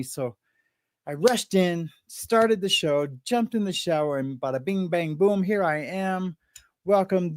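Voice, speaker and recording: A man's voice: on the high side, darkish tone, no echo, studio quality. A man hosting a live-stream podcast, chatting loosely with viewers, rambling and joking as he greets them by name. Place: at home.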